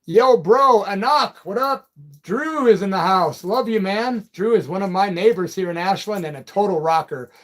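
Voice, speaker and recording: A livestream and radio host from Peoria, Illinois, runs a casual live chat, reading viewer comments loosely and warmly and calling people "brother" and "man." His voice is high-pitched, and he talks at a moderate pace with few pauses.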